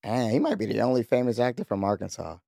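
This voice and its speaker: Casual podcast co-host: man, low gravelly voice, slangy and upbeat, dry close mic. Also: sing-song, quick pace, mellow, dry recording. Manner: loose, slangy, enthusiastic. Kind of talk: casual chat.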